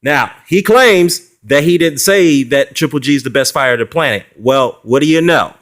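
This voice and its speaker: In a casual response video, a male boxing commentary vlogger rants in a heated, mocking way, often using fillers and letting out short laughs. He speaks at normal speed with a medium-pitched, animated, slightly bright voice.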